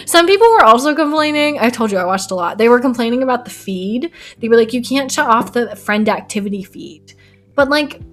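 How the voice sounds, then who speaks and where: Woman, live streamer, bubbly, giggly, rambling, casual chat, lively pitch, faint background music. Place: home desk setup.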